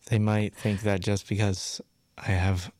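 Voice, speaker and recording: A man's voice: lowish voice, flat delivery, a little slow, darkish tone, no echo, clean studio sound. A man hosting a community radio show, chatting casually and joking about his own pronunciation between tracks. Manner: joking, self-mocking announcer. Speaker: radio host. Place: radio studio. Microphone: studio microphone.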